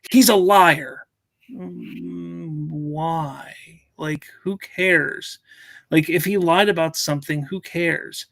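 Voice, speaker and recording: Animated man hosting a chat stream. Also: a little high, slow, gravelly, no room sound. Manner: animated, rambling, repeats words. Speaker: host. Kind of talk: casual live-stream chat.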